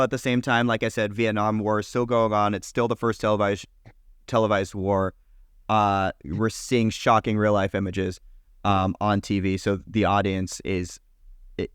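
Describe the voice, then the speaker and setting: A man's voice: on the low side, little pitch movement, clear, resonant tone, dry recording, studio quality. Enthusiastic man rattling off film history. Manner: enthusiastic, listing years in quick bursts, swears casually. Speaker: podcast co-host. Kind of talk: casual chat, film history rundown.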